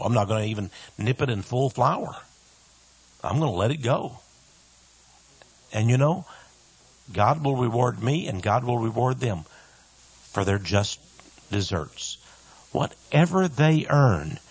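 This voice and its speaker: A man preaching a radio sermon with great emphasis, dropping to soft asides and rising to loud cries, sometimes mimicking his critics in mocking voices. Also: mid-range voice, animated, normal speed, slightly rough, no room sound.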